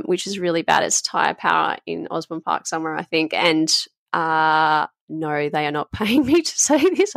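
A woman's voice: medium pitch, fairly bright tone, no echo, clean studio sound. A woman in her thirties with an Australian accent, hosting a casual solo podcast in a frank, chatty way, swearing freely and wandering off topic. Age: 30s. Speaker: podcast host. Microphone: podcast microphone.

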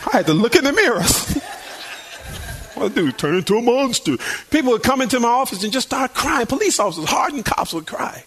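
A man's voice: extremely high pitch, big pitch swings, normal speed, fairly bright tone, slightly rough. Fervent, folksy older man preaching. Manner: folksy, conversational preaching with repetitions and rising fervor. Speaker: pastor. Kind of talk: sermon.

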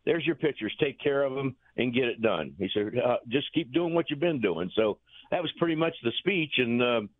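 A man, a former pitching coach, telling folksy, rambling anecdotes in an interview, chuckling as he goes. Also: expressive, normal speed, no room sound. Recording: tinny phone line.

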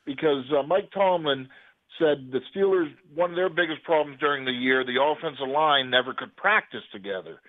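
A man's voice: fairly high pitch, moderate pace. Insistent male caller over a phone line. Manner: insistent, keeps saying hear me out.

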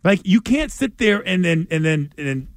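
A man with a high, lively voice talks sports radio banter into a dry, close studio mic. He's animated and emphatic, throwing his pitch all over as he vents. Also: no echo. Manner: animated, emphatic, quick to complain. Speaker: radio sports show co-host.

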